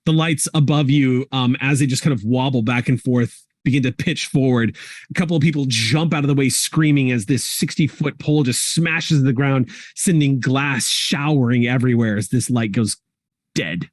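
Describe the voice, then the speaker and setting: A man running a tabletop game as game master, describing the action vividly and pausing often with "um". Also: medium pitch, no echo. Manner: vivid descriptive narration with frequent ums.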